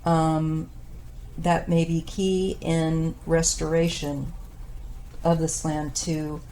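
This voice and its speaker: A woman in her fifties giving a casual tarot reading, thoughtful and unhurried with many pauses, her voice wearing thin. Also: low-pitched, little pitch movement, dark tone, a little hiss or hum. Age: 50s. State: losing her voice. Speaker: tarot reader.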